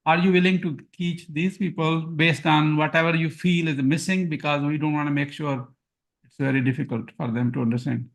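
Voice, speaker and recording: A man's voice: fairly high pitch, fairly even intonation, brisk, gravelly. A man with a Punjabi accent hosting a live course Q&A, repeating himself and reading chat comments aloud. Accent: Punjabi-accented English. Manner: self-deprecating, repetitive, reads chat aloud. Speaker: course host. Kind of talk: live Q&A webinar.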